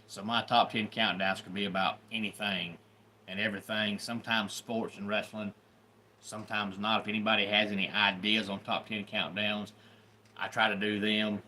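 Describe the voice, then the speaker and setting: Hosting a casual YouTube livestream, this middle-aged Deep South man drawls in a lowish voice that sounds pushed and bright. He greets viewers by name and gives blunt opinions, with slight background noise.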